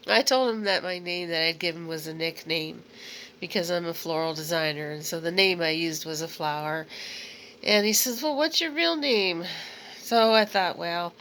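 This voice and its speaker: A woman's voice: on the low side, fairly bright tone, slight background noise, low-quality recording. A middle-aged woman vlogging about her own online dating experience, telling it in a candid, rambling way with fillers and small laughs. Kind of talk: casual storytelling monologue.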